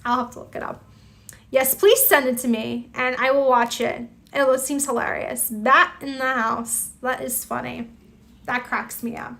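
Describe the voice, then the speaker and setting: A woman hosts a relaxed livestream and talks easily with her viewers. Her voice sits high and rings bright. She giggles often and keeps the chat flowing. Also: normal speed, creaky. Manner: chatty, giggly, reads out viewer comments. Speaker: livestream host. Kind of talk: casual chat with live viewers.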